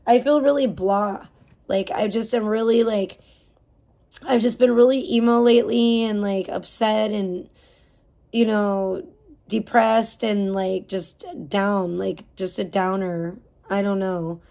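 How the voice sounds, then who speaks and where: A woman's voice: medium pitch, steady tone, slow, creaky, mellow. A young adult woman livestreaming, venting in a rambling, frustrated way, swearing often and filling her talk with fillers. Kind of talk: casual live-stream venting.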